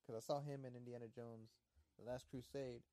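Rambling, teasing male host for a movie watch-along, swears freely, mellow timbre, dry room. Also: mid-range voice, fairly even intonation, brisk, dry recording. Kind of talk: casual chat over a movie.

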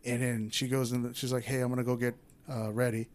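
A man's voice: mid-range voice, level tone, fast talker, darkish tone. Young man telling a candid story. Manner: candid, rambling storytelling, acts out quotes. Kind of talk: casual podcast chat.

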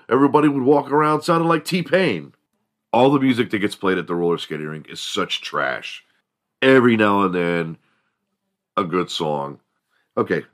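A man in his forties with a deep, low voice, rambling through a solo monologue. His talk is loose, laid-back and full of swearing, drifting from one story to the next. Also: a bit bright. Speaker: podcast host.

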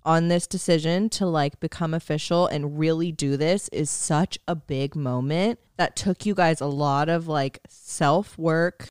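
A woman's voice: low-pitched, measured pace, few pauses, a little mellow, clean tone, no room sound. A woman co-hosting a podcast, chatting casually and getting emotional, rambling and close to tears. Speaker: podcast co-host. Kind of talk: casual chat.

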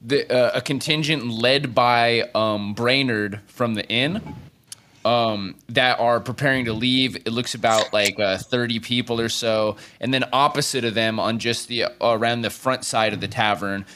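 A man's voice: mid-range voice, fairly even intonation, measured pace, bright, forceful tone, a little hiss or hum. A man narrating as game master of a tabletop game, rambling and laughing as he describes the scene. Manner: laughing, rambling, full of fillers.

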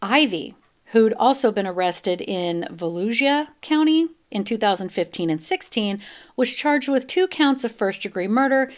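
A woman's voice: on the high side, moderate pace. A woman hosting a true crime podcast, reading news reports aloud and breaking into blunt, profane rants. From United States. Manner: blunt, swears freely, animated when ranting. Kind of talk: reading news with ranting asides.

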